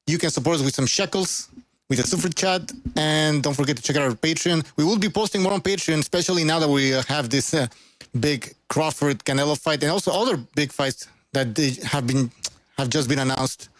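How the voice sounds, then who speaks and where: A man's voice: a little high, fairly quick, no echo. A man co-hosting a live podcast, chatting loosely and calling out names from the chat. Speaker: podcast co-host. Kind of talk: casual live-stream podcast intro.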